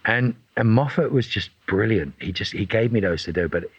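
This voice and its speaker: Deep husky-voiced man telling stories. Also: moderate pace, no echo. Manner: lively storyteller who acts out other people's lines. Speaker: guest actor. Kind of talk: anecdotal storytelling. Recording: dull lo-fi recording.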